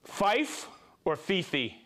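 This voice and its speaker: Male live-stream host, slightly high voice, casual and talkative, easily excited. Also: slow pace. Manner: excitable, bursts into shouts of joy; chatty, reads viewer shout-outs.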